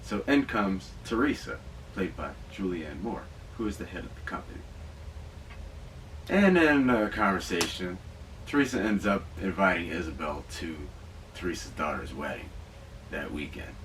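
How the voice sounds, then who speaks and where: An excitable man hosts a casual podcast, his low voice pushing hard as he rambles and swears through asides. He sits back from the mic, with a faint hiss underneath. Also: moderate pace, far from the mic, poor audio. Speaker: podcast host reviewing movies. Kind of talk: casual riffing commentary.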